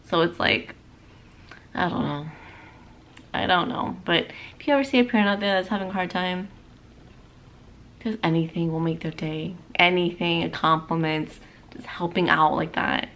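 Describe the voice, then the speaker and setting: A woman's voice: on the low side, fairly even intonation, normal speed, pauses often, fairly bright tone. A woman vlogging from her car about her day as a mom, talking in an emotional, rambling way and tossing in Spanish words. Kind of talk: emotional personal vlog. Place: in a parked car.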